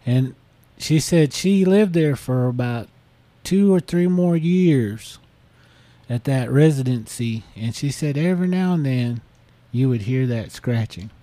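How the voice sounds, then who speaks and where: A man's voice: medium pitch, lively intonation, measured pace, mellow, no echo. A man casually retelling a listener's story on a podcast, full of fillers and restarts. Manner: rambling, many fillers like "you know". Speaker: podcast host.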